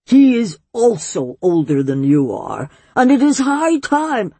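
A woman's voice: on the high side, big pitch swings, takes it slowly, warm tone, slightly rough, dry recording, pitched above the performer's own voice, full character voice. A woman doing a pompous ancient swamp monster. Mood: lecturing. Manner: mild, grandly pompous.

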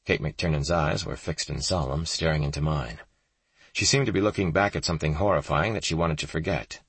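A man narrating a thriller audiobook in a measured, grave manner, with a gravelly, husky voice. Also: extremely low pitch, fairly bright tone, no echo.

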